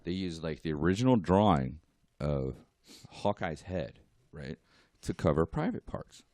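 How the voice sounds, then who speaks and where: Low-voiced man telling a lively story. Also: a little slow, dry recording. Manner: animated, laughing, acts out quotes. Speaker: artist guest. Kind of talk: casual storytelling.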